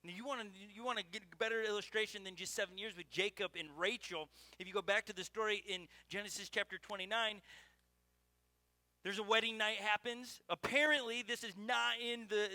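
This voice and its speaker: High-voiced, bright male pastor. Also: no echo. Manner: earnest, personal storytelling with restarts. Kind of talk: sermon.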